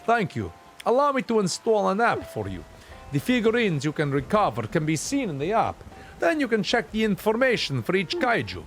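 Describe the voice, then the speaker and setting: A man's voice: high-pitched, huge pitch swings, moderate pace, a bit bright, soft background music, pitched above the performer's own voice, exaggerated voice. A man voicing a polite, earnest young woman researcher in a video game. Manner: polite and formal.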